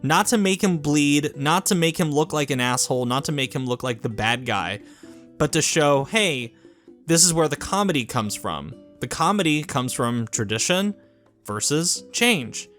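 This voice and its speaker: A man's voice: on the high side, expressive, moderate pace, fairly bright tone, soft background music. A man giving a casual, earnest video review, talking in a rambling way with restarts and "like" fillers. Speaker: YouTube reviewer.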